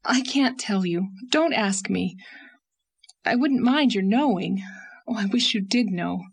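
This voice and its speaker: A woman's voice: mid-range voice, lively intonation, a little slow, creaky, slightly rough, exaggerated voice. A woman reading an audiobook, voicing a passionate, restless young woman in anguish, with an emotional, pleading delivery. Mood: distraught. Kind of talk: audiobook character voice.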